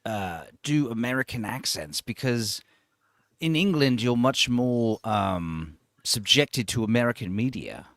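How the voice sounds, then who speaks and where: Lively bright-voiced man explaining. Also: medium pitch, measured pace, no room sound, clean studio sound. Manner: animated, explaining, bursts of mock accents. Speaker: guest. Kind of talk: casual chat show.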